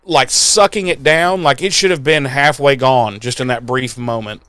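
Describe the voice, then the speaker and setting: A man's voice: mid-range voice, moderate pace, fairly bright tone, no echo. A man co-hosting a podcast, retelling a TV episode in a rambling, laughing, profane way. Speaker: podcast co-host. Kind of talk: casual chat.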